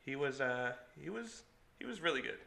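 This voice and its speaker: Bright, gravelly man co-hosting a comedy movie podcast, teasing and contrary. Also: medium pitch, very animated. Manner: teasing, argumentative, quick to laugh. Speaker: podcast co-host. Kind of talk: casual comedy movie chat.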